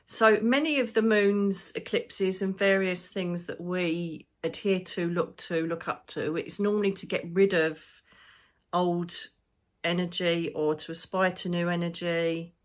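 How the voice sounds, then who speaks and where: A woman's voice: lowish voice, steady tone, unhurried. A woman, a psychic medium, talking through her predictions in a rambling, emotional, casual way and swearing now and then. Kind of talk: casual spiritual monologue.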